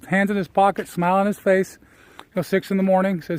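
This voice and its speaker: A middle-aged man telling a personal story outdoors while walking, reflective and emotional, halting with fillers and restarts. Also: high-pitched, little pitch movement, clean tone. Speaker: personal development speaker.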